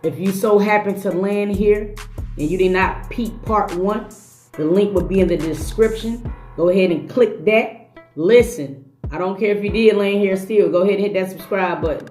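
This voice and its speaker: A woman's voice: medium pitch, moderate pace, darkish tone. A young woman hosting a reaction video, talking in a slangy, emphatic, chatty way. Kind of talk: casual reaction commentary. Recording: echoey room with faint music.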